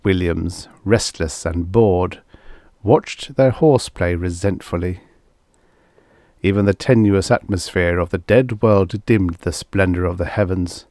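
A man reading a vintage science fiction story aloud as an audiobook narrator, in a measured storytelling manner. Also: low voice, darkish tone, no echo, clean studio sound.

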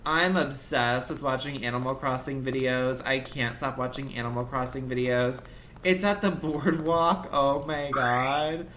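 A man's voice: medium pitch, steady tone, unhurried, fairly bright tone, a little hiss or hum. A young man livestreaming a game, rambling in a campy, dramatic, profane way at home. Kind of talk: casual game commentary.

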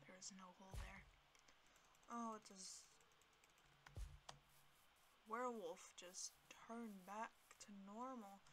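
A woman chatting through a game as she plays, reacting aloud and letting out sudden high yelps. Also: steady tone, slow pace, pauses often, heavy background noise. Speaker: gamer. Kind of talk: let's play commentary.

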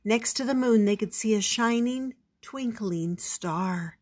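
Slow, husky grandmotherly storyteller. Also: on the high side, darkish tone. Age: older. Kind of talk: reading a picture book aloud.

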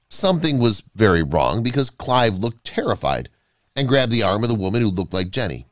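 A male narrator telling a scripted story, his pitch rising and falling widely. His delivery is dramatic and expressive. The sound is dry and close, without room echo. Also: brisk.

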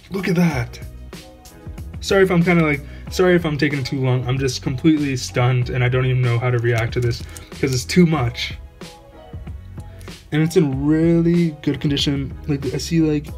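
A man's voice: fairly high pitch, darkish tone. A man hosting his own channel, giving casual unboxing commentary, awestruck and repeating exclamations over and over. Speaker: channel host opening trading card packs.

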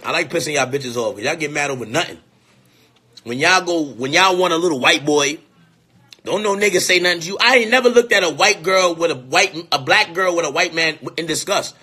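A man's voice: fairly high pitch, a little fast, husky. A man delivering a crude, brash ranting monologue to camera. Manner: brash, crude, loud and often laughing. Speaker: vlogger.

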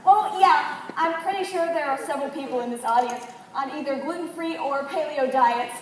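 A woman's voice: high voice, moderate pace, lightly acted. A teenage girl playing a nagging, earnest cast member who keeps interrupting in a school chapel comedy skit. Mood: nitpicking. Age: teens. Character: nitpicking, overly sensitive female cast member. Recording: echoey hall, distant mic, crowd noise.

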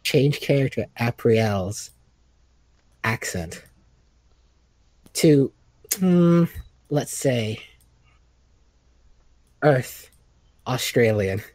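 A man playing a tabletop game, giving playful, deliberate commands. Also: mid-range voice, expressive, darkish tone, no room sound. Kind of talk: casual role-play chat.

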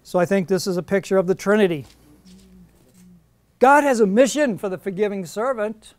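Middle-aged male Bible teacher, higher voice, earnest lecture, dry studio sound. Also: animated, moderate pace, no echo. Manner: earnest, emphatic on quoted verses.

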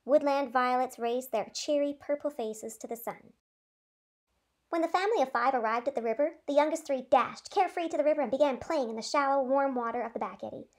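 High-pitched female teacher narrating a storybook with lively expression. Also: fairly quick. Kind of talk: reading a story aloud.

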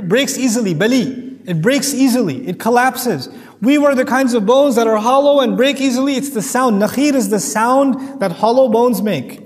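A man giving a lively Quran commentary lecture, acting out voices and quoting Arabic verses. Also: extremely high pitch, big-room sound. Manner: animated, acts out voices and quotes Arabic verses. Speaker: Quran teacher.

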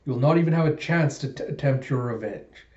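A man's voice: mid-range voice, fairly quick, darkish tone, close to an everyday voice. A man voicing a scheming, gloating villainous shogun in a menacing, plotting tone, read from a comic. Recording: roomy, dull lo-fi sound.

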